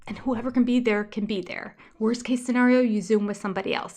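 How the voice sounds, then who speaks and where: A woman's voice: a little high, brisk. An older woman hosting a casual livestream commentary, talking in a gossipy, exasperated way that slips into mocking whispers. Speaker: reality TV reviewer.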